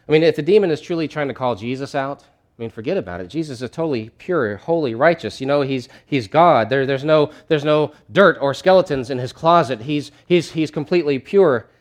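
A man's voice: on the high side, expressive, a little fast. A man preaching a sermon in a conversational, emphatic way, often restarting his phrases.

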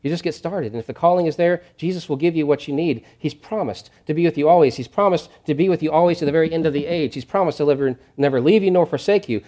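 A man preaching a sermon as a pastor from behind a church podium, emphatic and repeating his key lines, dropping to a hush and then rising loud. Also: on the high side, fast talker, few pauses.

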